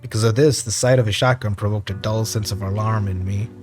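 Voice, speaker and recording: A gaming YouTuber reading a survival game's story text aloud, with quick asides to viewers. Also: male voice, lowish voice, fairly even intonation, darkish tone, soft background music.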